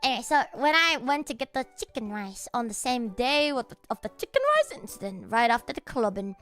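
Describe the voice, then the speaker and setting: A woman livestreamer telling stories to her chat in a casual, animated way, swearing freely. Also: a little high, a little fast, faint music behind.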